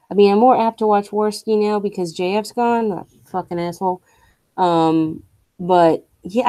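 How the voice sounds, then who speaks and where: A woman's voice: medium pitch, fairly even intonation, moderate pace, a little mellow, no room sound. Blunt, swearing woman ranting. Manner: blunt, profane, opinionated. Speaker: streamer. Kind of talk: casual rant while streaming.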